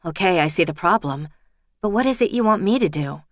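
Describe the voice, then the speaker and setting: A woman's voice: fairly low pitch, lively intonation, brisk, no room sound, studio quality, close to an everyday voice. A woman doing a blunt American pub owner. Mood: direct.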